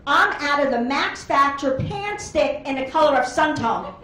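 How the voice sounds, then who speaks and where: A woman's voice: sits high, expressive, moderate pace, sharp tone. A woman doing a stand-up comedy set on a club stage, telling brash, rambling stories full of quoted voices. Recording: echoey club room.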